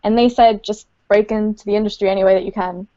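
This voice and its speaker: A woman talks casually in an interview, hesitating often with ums and likes and laughing between thoughts. Her voice sits in a middling pitch and comes through a dull, lo-fi call line. She sounds like someone on a home computer microphone. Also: steady tone, fast, warm tone. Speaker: game studio community manager.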